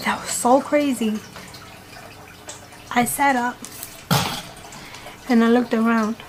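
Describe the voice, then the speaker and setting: A woman's voice: on the high side, steady tone, slow, slight background noise. Emphatic woman telling a scary story. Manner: dramatic, emphatic retelling with swearing. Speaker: vlogger. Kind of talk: storytime vlog.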